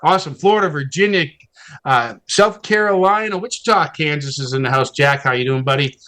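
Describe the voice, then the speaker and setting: A man in his fifties, from Massachusetts, hosts a live video-call webinar. His voice sits a bit high for a man, and he keeps an upbeat stream of welcomes and place names going over the call mic. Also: a little fast. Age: 50s. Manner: upbeat, rattles off places and shout-outs. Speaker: webinar host.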